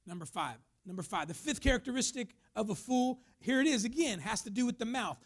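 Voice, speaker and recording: A man's voice: very high voice, lively intonation, fairly quick. A man preaching a sermon as pastor, emphatic, now and then acting out the voices of the people he talks about.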